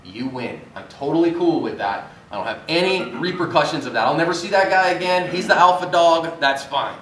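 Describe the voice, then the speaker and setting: A slightly fast, fairly high, somewhat bright male voice belongs to a man in his forties running a self-defense class in a church meeting room. He chats with the live group as though telling a story, and the distant mic catches echo and faint noise.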